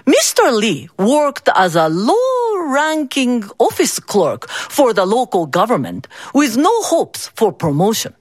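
A woman storyteller reading a folktale slowly, her higher pitch rising and falling expressively. The sound is dry and close, with no room echo. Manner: expressive, unhurried.

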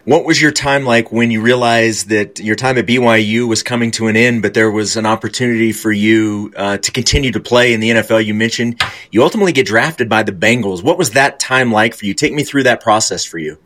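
A man's voice: lowish voice, fairly quick, hardly any pauses, fairly bright tone. A man interviewing a guest, setting up long conversational questions.

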